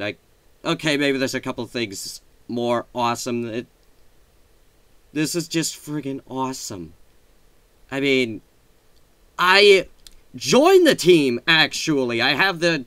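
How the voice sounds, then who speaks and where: A man hosting a casual update vlog from his computer desk, talking excitedly in a rambling way with gushing outbursts and self-corrections. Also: mid-range voice, smooth, dry recording. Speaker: video channel host. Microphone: desk microphone.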